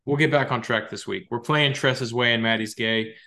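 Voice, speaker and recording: A young man hosting a podcast, talking casually about his fantasy football league in a rambling, excitable and profane way. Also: medium pitch, moderate pace. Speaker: podcast host.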